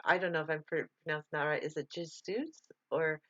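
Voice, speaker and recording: A woman hosts a casual live stream, chatting freely, laughing easily and reading out viewer comments. Her low-leaning voice is sharp and level in tone, and she talks in a rapid-fire way. The audio is dry and slightly dull, with no room echo.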